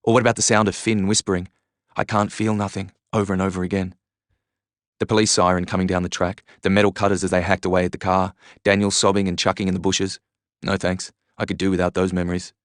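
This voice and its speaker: A low-voiced man narrates a novel in the first person, steady and earnest. The read is close and dry, with no room around it. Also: fast talker, dry recording. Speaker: reader. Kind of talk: audiobook narration.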